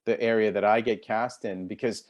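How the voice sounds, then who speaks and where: A man's voice: lowish voice, steady tone, moderate pace, a little mellow. Man from England moderating a panel. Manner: conversational, draws panelists out with follow-up questions.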